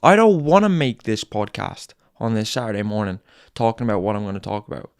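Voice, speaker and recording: A man's voice: fairly low pitch, brisk, smooth, no room sound. A man hosting a podcast, delivering a blunt, angry tough-love monologue full of swearing and repeated lines. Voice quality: blunt, heavy swearing, repetitive. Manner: angry, lecturing, emphatic. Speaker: podcast host.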